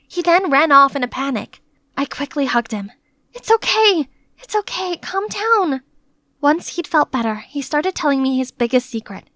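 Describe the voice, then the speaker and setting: High bright young female storyteller. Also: dry recording. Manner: lively, chatty. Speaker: narrator. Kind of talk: animated story narration in first person.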